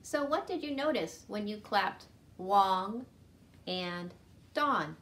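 A woman teaching young children, speaking slowly and in a sing-song way as she claps out syllables. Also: medium pitch, animated, fairly bright tone. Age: adult with a son. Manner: slow and sing-song, clapping syllables aloud. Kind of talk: children's lesson.

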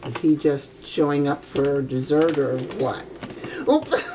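A woman's voice: deep voice, wildly swooping pitch, takes it slowly, background noise. An older grandmother casually commenting as she plays a video game, chatty and exclamatory, with old-fashioned oaths and frequent giggles. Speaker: gaming grandmother.

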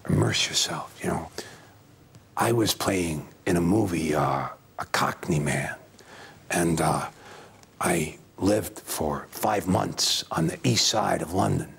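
A man playing a parody of a famous aging film actor, talking in a husky, murmuring, rambling way full of half-whispered asides in a comedy sketch. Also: low voice, slow pace, fairly bright tone, exaggerated voice. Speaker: celebrity acting teacher in a sketch.

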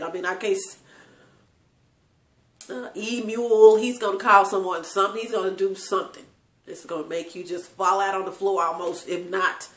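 A woman telling tearful personal family stories to her viewers, laughing often. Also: mid-range voice. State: crying at times. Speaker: channel host. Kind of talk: emotional personal storytelling. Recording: echoey room.

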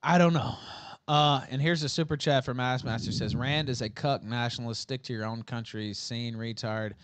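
A man's voice: medium pitch, brisk, dry recording. A man hosting a livestream, chatting casually and reading super chats with a wry, laughing manner. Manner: wry, laughs while telling stories. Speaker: livestream host.

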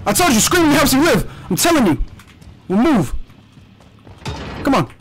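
Excitable, high-voiced young gamer guy. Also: moderate pace, slight background noise. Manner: excitable, profane trash talk and sudden yelps. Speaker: gaming streamer. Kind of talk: live gameplay commentary.

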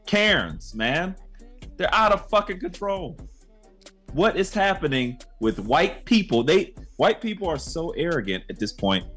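A man co-hosting a casual podcast chat, talking animatedly and slipping into high mocking voices. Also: sing-song, measured pace, a bit bright, breathy edge, soft background music. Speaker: podcast co-host.

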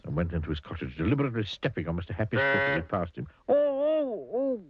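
A man reading a children's storybook aloud in an animated way, asking the listener questions. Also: low-pitched, rapid-fire, slightly rough, dry recording, muffled recording. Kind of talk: storybook read-aloud narration.

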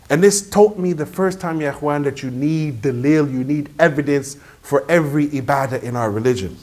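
A man's voice: fairly high pitch, brisk, hardly any pauses, a little mellow. A man delivering a sermon, telling stories with emphasis and dropping in Arabic phrases. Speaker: preacher.

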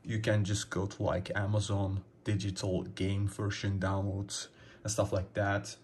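A man's voice: fairly low pitch, monotone, measured pace, a little mellow, a little hiss or hum. A young man hosting a casual gaming tip video, rambling and calling his viewers guys, a little out of breath. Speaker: gaming channel host.

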